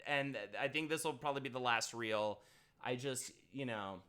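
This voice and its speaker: A young man chatting casually on a live stream, his voice bright and forward in tone. He swings between goofy banter and earnest, heartfelt talk. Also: mid-range voice, moderate pace, a little hiss or hum. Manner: jokey, then earnest and heartfelt. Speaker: streamer host. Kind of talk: casual livestream chat.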